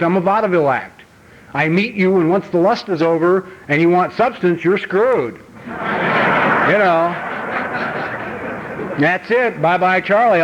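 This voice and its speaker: A middle-aged American man giving a talk at a recovery banquet, telling stories bluntly and acting out voices, shifting from quiet asides to loud outbursts. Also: a little high. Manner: blunt, rough-edged language. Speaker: AA speaker. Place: banquet hall. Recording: dull archival banquet recording with faint hiss.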